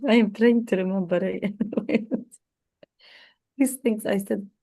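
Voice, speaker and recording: A woman student answering a teacher's questions hesitantly, with soft laughs and many short murmurs. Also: mid-range voice, fairly even intonation, slow pace, creaky. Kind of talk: class discussion.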